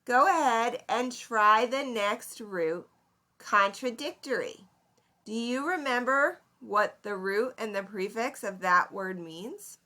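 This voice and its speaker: A young woman teaching a recorded lesson to her class. She explains each point slowly and plainly, pausing to ask her students questions. Her voice is bright and sits a little high. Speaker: seventh grade English teacher.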